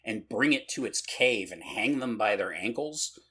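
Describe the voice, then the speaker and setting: A man's voice: fairly low pitch, expressive, normal speed, a bit bright, husky. A man co-hosting a horror podcast, rambling and profane, laughing often as he talks. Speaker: podcast co-host. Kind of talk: casual podcast chat.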